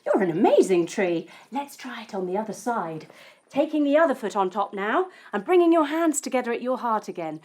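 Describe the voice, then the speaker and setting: A woman telling a yoga story for children in an animated, sing-song and encouraging way. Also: on the high side, fairly quick. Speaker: kids yoga instructor and storyteller.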